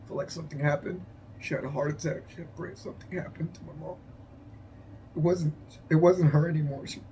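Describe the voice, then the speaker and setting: A man telling a personal story as unscripted testimony, emotional and halting, repeating his phrases and sighing. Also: fairly high pitch, warm tone, a little hiss or hum. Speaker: vlogger sharing a personal story.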